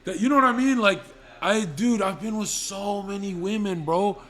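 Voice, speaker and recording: A man's voice: high-pitched, moderate pace, a bit bright. A young man hosting a livestream, telling crude comedic stories in a blunt, rambling, profane way. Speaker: livestream host.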